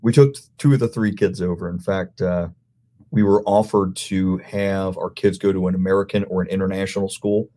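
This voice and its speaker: A man's voice: low-pitched, fairly even intonation, normal speed, warm tone. A middle-aged man chatting casually as a podcast guest, rambling through stories and laughing easily. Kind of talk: casual chat.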